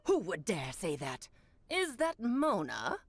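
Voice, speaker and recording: A woman's voice: mid-range voice, wildly swooping pitch, slow, a crowd in the background, exaggerated voice. A woman voicing a playful, grand witch and mother in a dubbed video game. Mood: amused.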